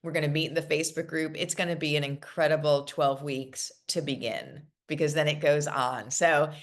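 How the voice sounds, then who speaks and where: A woman's voice: deep voice, fairly even intonation, moderate pace, hardly any pauses. A woman host introducing a trainer to a class in a gushing, enthusiastic way, full of "like"s. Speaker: program founder and host.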